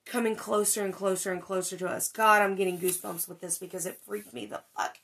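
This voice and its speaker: A woman's voice: medium pitch, brisk, vocal fry, slightly rough. A woman hosting a podcast, telling a ghost story in casual chat, with lots of fillers and some swearing. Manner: animated, many fillers, swears when excited. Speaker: podcast host.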